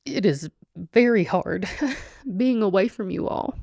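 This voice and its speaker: A woman's voice: mid-range voice, slow, vocal fry, darkish tone, no room sound, clean studio sound. A woman hosting a solo podcast, talking casually to her listeners in a chatty, rambling way with frequent laughs. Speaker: podcast host.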